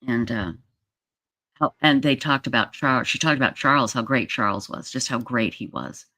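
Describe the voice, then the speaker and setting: Gravelly, emotional livestream host. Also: mid-range voice, pushed and bright, dry recording, studio quality. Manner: emotional, halting, many fillers. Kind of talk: casual livestream chat, reading comments aloud.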